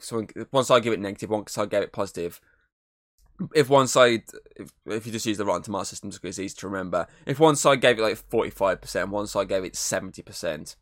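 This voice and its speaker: Low-voiced man, rambling and swearing. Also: fairly bright tone, dry recording, clean studio sound. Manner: rambling, swears often, laughs easily. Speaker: podcast host. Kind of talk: casual chat. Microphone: headset.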